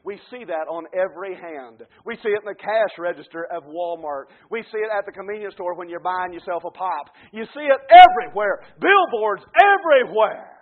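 A man preaching a fervent sermon, dropping to quiet asides and then building to shouted climaxes. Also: sits high, fairly quick, few pauses. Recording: tinny phone-like radio broadcast.

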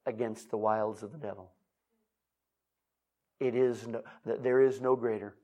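A man's voice: lowish voice, fairly even intonation, moderate pace, mellow. A man preaching a sermon as pastor, emphatic and repeating his key phrases.

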